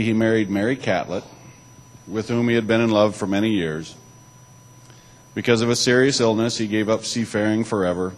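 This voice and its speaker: Recorded with poor audio, a man with a lowish voice gives a talk at church. He switches back and forth between reading aloud and informal asides, restarting now and then.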